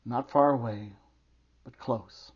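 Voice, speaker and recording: A man's voice: medium pitch, slow pace, breathy edge, dull audio. A man preaching a sermon as pastor, earnest and emphatic, explaining scripture with teaching asides.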